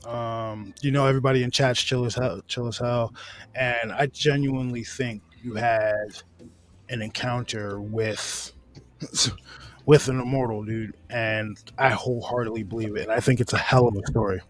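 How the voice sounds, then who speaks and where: A man's voice: medium pitch, steady tone, moderate pace. A man hosting a casual talk show, easygoing and reassuring, swearing casually. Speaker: podcast host. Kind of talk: casual chat.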